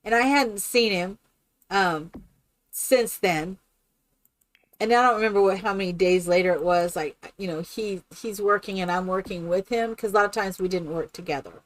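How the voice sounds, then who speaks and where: A woman's voice: mid-range voice, normal speed, no echo. A woman chatting casually and rambling with many fillers while she builds in a game on a live stream.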